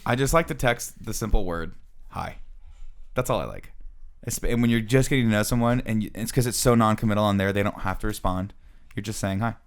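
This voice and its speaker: A married man co-hosting a podcast, telling jokey, animated stories in casual chat. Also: fairly low pitch, brisk. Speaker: podcast co-host.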